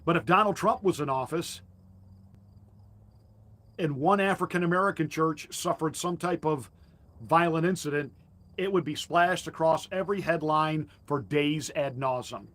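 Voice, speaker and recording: A man's voice: on the high side, moderate pace, a bit bright. Combative, mocking male pastor. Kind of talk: political commentary monologue.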